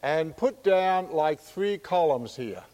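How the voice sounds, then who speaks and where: A man teaching a Bible study, slow and emphatic, getting louder when he reads scripture aloud. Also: fairly high pitch, expressive. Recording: long hall reverb.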